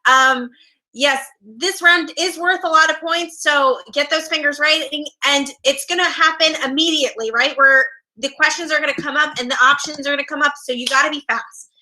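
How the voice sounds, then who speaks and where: High, bright-voiced woman quiz host. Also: steady tone, normal speed, poor audio. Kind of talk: upbeat game show hosting.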